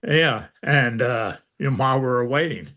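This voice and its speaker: A man's voice: medium pitch, lively intonation, normal speed, bright, forceful tone. An older man recounting old memories in an interview, rambling with many fillers and dry humor. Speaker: interviewee, veteran. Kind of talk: storytelling interview.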